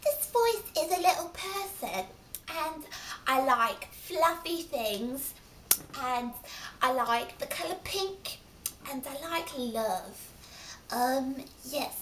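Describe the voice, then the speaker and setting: Tiny sweet kid voice, very high and bouncy, slow sing-song delivery; roomy, off-mic sound. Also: female voice, animated, a bit bright, a little hiss or hum, heavily acted. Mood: cutesy. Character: tiny sweet little kid who loves fluffy pink things. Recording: roomy, from a distance.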